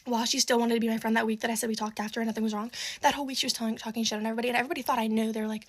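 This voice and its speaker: A teenage girl telling a story in a casual, exasperated way, full of "like" and quick asides. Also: fairly high pitch, fairly even intonation, fairly bright tone. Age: teens. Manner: fast, exasperated, heavy use of "like".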